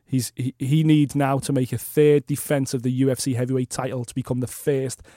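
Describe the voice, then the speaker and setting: An eager man chats about fights on a podcast, leaning hard on his key words. His voice is mellow and dark. The sound is dry and close to the mic. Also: mid-range voice, little pitch movement, brisk, dry recording. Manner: enthusiastic, emphatic. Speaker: podcast co-host. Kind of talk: casual MMA podcast chat.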